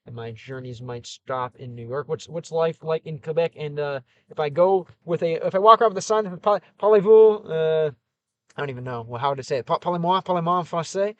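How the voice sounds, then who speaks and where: A man's voice: fairly high pitch, a little fast, a bit bright, no echo, lo-fi sound. A man with a Chicago Midwest accent hosting a casual livestream, reading comments in a rambling, upbeat and encouraging way with lots of fillers. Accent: Chicago, American Midwest. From American Midwest.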